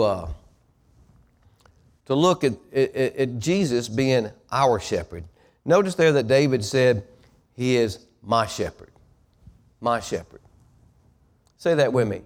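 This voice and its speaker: A man preaching a sermon as pastor, calling on the congregation to repeat after him and rising into loud, emphatic preaching. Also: medium pitch.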